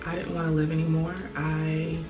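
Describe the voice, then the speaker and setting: A woman's voice: sits low, monotone, normal speed, reverberant, over music. A young woman sharing a personal faith testimony in a candid, earnest way, with lots of "like". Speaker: vlogger.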